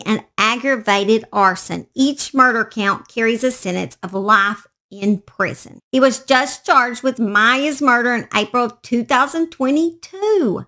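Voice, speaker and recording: A woman, hosting a true crime channel in a chatty, gushing way and talking straight to her viewers. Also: fairly high pitch. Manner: warm-hearted, gushing, talks to viewers directly. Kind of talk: casual chatty vlog.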